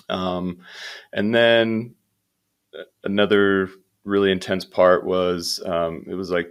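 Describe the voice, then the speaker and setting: A man's voice: sits low, steady tone, takes it slowly, pauses often, smooth. A young adult man talking as a podcast guest, telling a long story in a meandering way, with many fillers and restarts. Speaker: podcast guest, hemp company founder. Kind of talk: relaxed interview talk.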